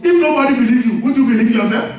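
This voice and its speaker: A man pastor preaching a sermon in a church hall, animated and often laughing as he calls on the congregation to respond. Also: extremely high pitch, fast talker. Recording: very echoey hall, voice from far off.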